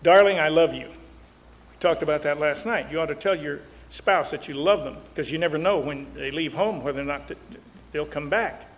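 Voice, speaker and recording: An older man with a somewhat high voice teaches about marriage in a folksy, joking way. His voice rings in a long reverb. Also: moderate pace. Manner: folksy, joking, acts out quotes. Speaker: marriage counselor. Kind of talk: talk show teaching.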